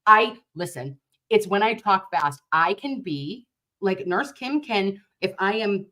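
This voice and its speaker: A woman from Dorchester with a Boston accent hosts a casual reaction chat about a juror interview. She speaks slowly in a mid-range voice, yet sounds animated and excitable, swearing freely and calling her viewers babe and loves.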